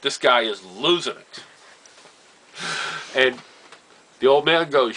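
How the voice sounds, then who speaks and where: An older man from Nova Scotia tells family stories in an unhurried, casual way, pausing often. His mid-range voice has lively intonation and a sharp tone, and he laughs frequently, with chuckling asides and repeated phrases as he trails off. The audio is poor.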